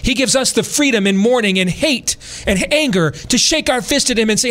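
A man's voice: high voice, normal speed, hardly any pauses, a bit bright. A middle-aged man hosting a podcast, delivering a preachy, impassioned political commentary full of rhetorical questions. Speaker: podcast host.

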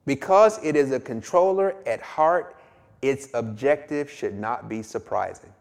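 A man preaching a sermon, emphatic and drawn-out, telling a fable to make his point. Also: mid-range voice, gravelly, a little mellow. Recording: long hall reverb.

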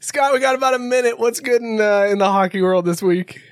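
A man's voice: very high-pitched, fairly quick. A man hosting a casual sports talk show, teasing his co-hosts and steering segments. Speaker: host.

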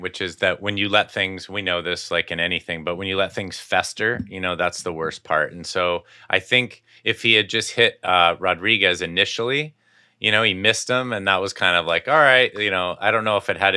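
A man's voice: sits low, fairly quick, sharp tone, smooth. A man who once played the game, co-hosting a casual sports talk show and talking in a rambling, chatty way. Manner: rambling, chatty, laughs often.

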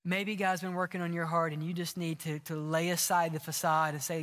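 A man preaching a sermon as pastor, impassioned and earnest, sometimes dropping his voice low for emphasis. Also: flat delivery, a little fast, a bit bright. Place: large church sanctuary. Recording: long hall reverb.

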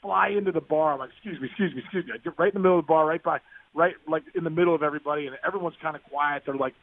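Fast-talking gravelly man on a phone line. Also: a little high. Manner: excitable, acts out the voices of people in his stories. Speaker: guest, former pro baseball player. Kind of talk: animated storytelling in a podcast interview. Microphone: phone call. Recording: tinny dry phone line.

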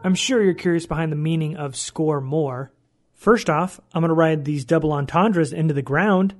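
A man's voice: fairly high pitch, normal speed. A man hosting his own podcast in a casual monologue, joking and poking fun at himself as he rambles. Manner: jokey, self-mocking, rambling. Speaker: podcast host.

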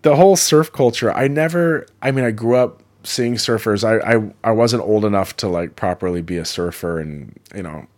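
Man from California, low voice, rambling casual travel vlogger, enthusiastic and digressive. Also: moderate pace, hardly any pauses, a little mellow.

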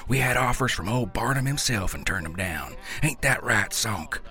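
A man voicing a gruff, grumpy backwoods uncle who talks in a rural drawl. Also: fairly low pitch, animated, normal speed, sharp tone, soft background music, voice pushed up. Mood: scornful.

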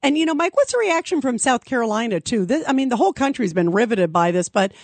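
Talk radio host, woman, high voice, emphatic and indignant, dry booth sound. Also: big pitch swings, fast, a little mellow, dry recording. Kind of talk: talk radio, taking calls.

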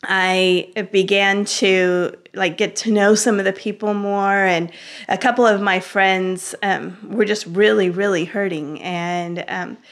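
A woman as an interview guest, telling her story in an animated, conversational way with frequent laughter, fillers and restarts. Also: medium pitch, unhurried. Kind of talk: conversational personal testimony.

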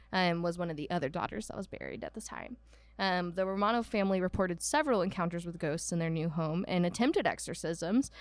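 A woman's voice: on the low side, dry recording. Chatty woman, dry close sound. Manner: chatty storyteller, many "um"s and asides, mock voices for quoted people. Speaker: podcast co-host. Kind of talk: casual chat about a haunted house.

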